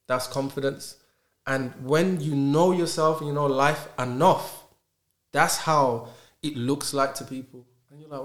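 A man, a podcast guest talking in animated casual conversation and stacking rhetorical questions. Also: a little high, unhurried. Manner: emphatic, rhetorical questions, acts out dialogues.

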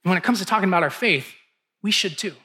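A man's voice: high-pitched, animated, fast talker, pushed and bright. A man in his thirties, a pastor giving a conversational sermon, telling stories and acting out what people said. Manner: conversational storytelling, acts out quotes.

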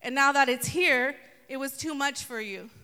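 A woman preaching a lively sermon, playfully acting out voices from the story. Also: high-pitched, moderate pace. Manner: animated, acts out voices of the story. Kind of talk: sermon with humor. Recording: long hall reverb.

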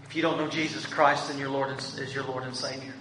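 A man's voice: medium pitch, flat delivery, quick pace, bright, forceful tone, recorded from a distance, soft background music. Male pastor, earnest and pleading, heard from afar in a reverberant sanctuary with faint background hum. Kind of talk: sermon. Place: church sanctuary. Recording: echoey church room from afar, faint hum.

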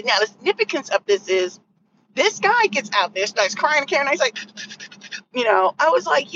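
A woman hosting a casual livestream, talking in an animated, rambling way and correcting herself mid-thought. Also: sits high, normal speed, lo-fi sound, slight background noise. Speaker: host.

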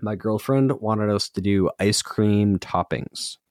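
A young man hosting a casual podcast, playful and quick to laugh as he runs the segments. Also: lowish voice, darkish tone, dry recording, clean studio sound. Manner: laughs often, playful teasing. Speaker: podcast host. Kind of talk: casual chat.

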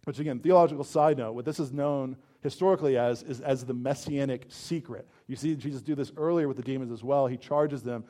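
Preaching with hardly any pauses, a pastor talks fairly quickly in a medium-pitched voice. He's conversational and uses "like" often, stressing his points with real energy.

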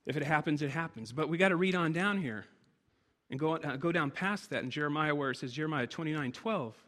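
A man's voice: a little high, fairly quick, a bit bright, long reverb tail. A man preaching a sermon to his church, driving points home with emphatic repeated phrases.

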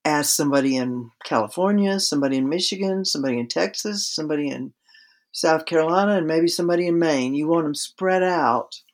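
A woman's voice: low-pitched, fairly quick. A woman guest on a podcast interview, explaining writing craft in a conversational way with practical examples.

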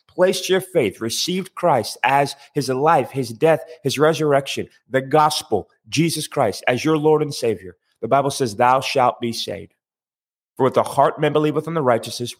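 Guy preaching a morning devotional, husky, voice swings up and down a lot, repeats himself for emphasis. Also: medium pitch. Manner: emphatic, repeats phrases, pauses for effect. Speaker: podcast host giving a devotional. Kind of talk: devotional sermon.

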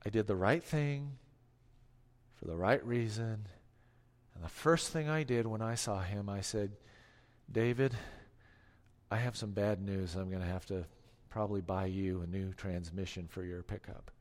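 A middle-aged man preaching a sermon, telling stories that swing from hushed asides to forceful declarations. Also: on the low side, measured pace, long reverb tail. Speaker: pastor.

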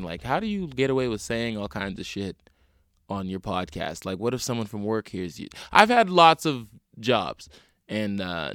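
A man's voice: lowish voice, no room sound, studio quality. A man hosting a casual solo podcast, telling wry, swear-laden stories and acting out the voices of people he met. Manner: animated storytelling, acts out quoted voices. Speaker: podcast host; stand-up comedian.

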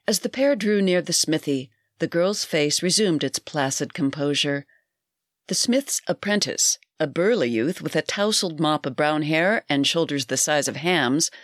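A woman narrating a scripted story in a calm, measured reading voice. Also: low voice, dry recording, studio quality.

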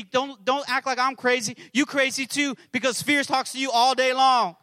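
A male pastor preaching with a strikingly high, bright, ringing voice. He calls out to his congregation, swings from loud shouted prayers down to near-whispers, and sounds close and dry on the mic. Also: steady tone, normal speed, few pauses, no room sound. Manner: impassioned preaching, shouting prayers and dropping to a hush. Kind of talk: sermon.

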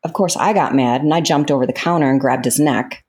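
A woman's voice: low voice, fairly quick, breathy edge. A woman in an interview, telling stories with lots of laughter and acting out what people said. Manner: animated storyteller, laughs often, acts out quotes. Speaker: interview guest, actress. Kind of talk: casual storytelling in an interview.

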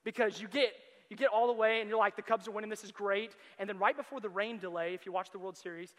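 A young adult man preaching as a youth pastor, telling stories with animation and bursting into loud excited quotes. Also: high voice, quick pace. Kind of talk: sermon. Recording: long hall reverb.

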